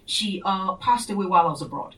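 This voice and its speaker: A woman reading a story, voicing a polite, well-off man who talks smoothly and quickly. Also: medium pitch, fairly bright tone, distant mic, lightly acted, poor audio. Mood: courteous.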